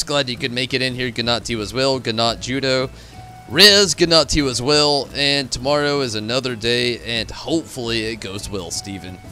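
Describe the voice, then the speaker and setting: A man's voice: mid-range voice, bright, forceful tone. A tired, frustrated man signing off his stream, rambling and swearing as he thanks his chat. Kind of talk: casual stream sign-off to chat.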